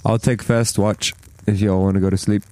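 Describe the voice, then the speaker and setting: A man's voice: lowish voice, flat delivery, moderate pace, a little mellow, no room sound. A man playing a tabletop game, joking and swearing casually in character. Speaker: player.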